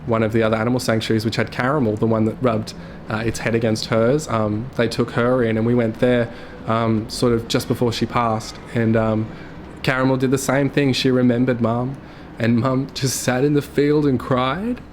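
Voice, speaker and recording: A young man telling his late mother's story to camera, tearful and halting, with his voice breaking. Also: mid-range voice, little pitch movement, slight background noise. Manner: halting, full of fillers and restarts.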